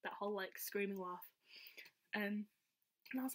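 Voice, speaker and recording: A young woman telling a story in a casual, excited, chatty vlog style, full of "like" fillers. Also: mid-range voice, normal speed, slight background noise. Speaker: vlogger.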